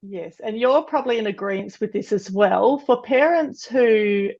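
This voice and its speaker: A woman hosting a podcast, chatting quickly and casually and often trailing off mid-thought. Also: mid-range voice, a little mellow. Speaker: podcast host. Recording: dull lo-fi audio.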